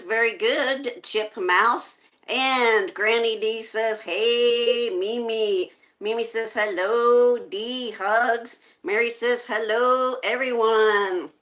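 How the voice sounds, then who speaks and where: Slow-talking woman reading stream chat aloud. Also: on the high side. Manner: greets viewers warmly and reads chat aloud. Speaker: live streamer. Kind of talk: casual live-stream chat reading comments.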